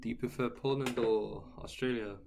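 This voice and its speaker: Male streamer, gravelly voice, chatty and casual, reads out viewer comments. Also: medium pitch, steady tone, normal speed, over loud music. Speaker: guitar teacher streaming live.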